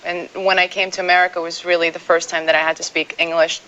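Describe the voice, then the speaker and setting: A woman's voice: lowish voice, flat delivery, fast talker, sharp tone. A woman in her twenties from South Africa, Afrikaans her first language, chatting candidly and lightly as a talk show guest. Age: 20s. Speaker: guest actress. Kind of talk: casual interview chat. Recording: dull archival TV audio.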